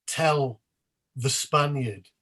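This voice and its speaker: A man's voice: mid-range voice, very slow, fairly bright tone. A man guesting on a live panel podcast, rambling jokily and mocking a TV presenter. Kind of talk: casual panel chat.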